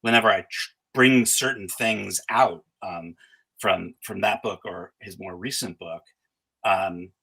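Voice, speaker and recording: A middle-aged man speaking as the guest scholar in a conversational interview, thoughtful and halting, with frequent restarts and fillers. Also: deep voice, gravelly, bright, forceful tone, slightly rough, rough recording.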